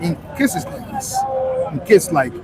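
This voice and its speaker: Male host, slightly high voice, brisk comment reader, clear crowd noise behind. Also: sing-song, loud music behind the voice, low-quality recording. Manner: brisk, reads out comments with fillers. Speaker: talk show host. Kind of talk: hosting a live show, reading viewer comments.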